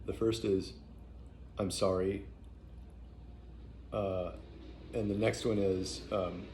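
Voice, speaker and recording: A man talking casually and thoughtfully as a parenting teacher, halting often with fillers and restarts. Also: on the low side, fairly even intonation, dark tone, a little hiss or hum. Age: adult parent. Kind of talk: casual spoken reflection.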